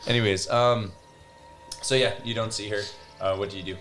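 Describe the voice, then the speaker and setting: A man narrating as game master, halting and relaxed, with many fillers. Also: lowish voice, faint music behind. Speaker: dungeon master.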